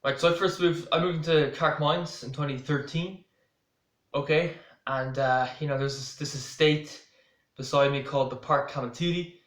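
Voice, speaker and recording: An Irish man tells a story to camera in a somewhat high voice, rambling and doubling back with asides as he goes. His words ring out in a noticeably echoey room. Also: fairly even intonation, moderate pace, fairly bright tone. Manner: rambling, full of restarts and asides. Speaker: vlogger. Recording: roomy echo.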